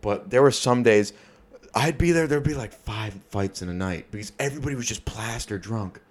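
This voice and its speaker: New york guy on a podcast, lowish voice, swears a lot, acts out drunk frat guys. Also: normal speed. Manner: profane, animated storyteller, acts out rowdy drunks. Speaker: podcast co-host. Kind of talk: casual storytelling chat.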